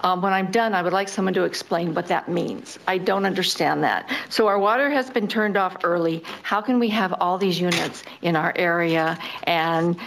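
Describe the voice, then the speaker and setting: A woman resident testifying at a public hearing, upset and halting, with many fillers. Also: lowish voice, vocal fry, a little hiss or hum. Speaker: resident giving public comment.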